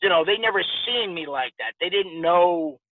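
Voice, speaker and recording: A middle-aged man telling stories as a podcast guest, rambling along with lots of fillers and slipping into voices for the people in his tales. His voice sits fairly high for a man, and it comes through a thin, phone-like band with no room sound at all. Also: expressive, moderate pace, dry recording. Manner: rambling, many fillers, acts out quoted voices. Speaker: podcast guest, former fighter. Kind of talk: casual storytelling interview. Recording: tinny phone-like sound, dry.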